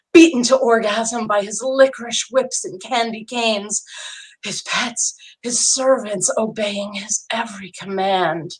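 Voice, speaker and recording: A woman's voice: medium pitch, a bit bright. A woman narrating a first-person fantasy story in an intimate, dramatic reading style.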